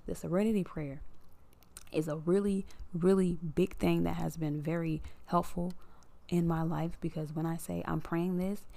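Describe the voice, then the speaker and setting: A woman's voice: fairly low pitch, vocal fry, warm tone. A woman hosting her own podcast, talking casually about boundaries and healing, repeating phrases for emphasis and sometimes dropping to a whisper. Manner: frank, curses casually. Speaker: podcast host. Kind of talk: casual spiritual monologue.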